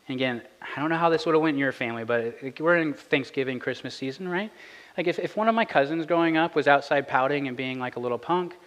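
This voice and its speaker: A man in his thirties preaching a sermon as pastor, conversational and earnest, rising in pitch for emphasis. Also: fairly bright tone, big-room sound, poor audio. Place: church sanctuary.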